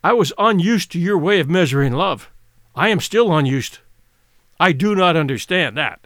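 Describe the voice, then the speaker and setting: Man reading as a stern frontiersman, declamatory, lively pitch, dry close sound. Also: moderate pace, no echo. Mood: reproachful. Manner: grave, reproachful, declamatory. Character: stern bitter male Yukon frontiersman, reproachful. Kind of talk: dramatic audiobook reading.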